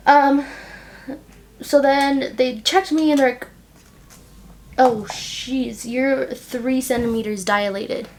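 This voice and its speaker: A young woman vlogger telling a personal story casually while doing her makeup, filling her talk with "like" and retelling what people said in an animated way. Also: sits high, very slow, pauses often, a little hiss or hum. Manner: chatty, heavy use of "like", animated retelling. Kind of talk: casual get-ready-with-me storytelling.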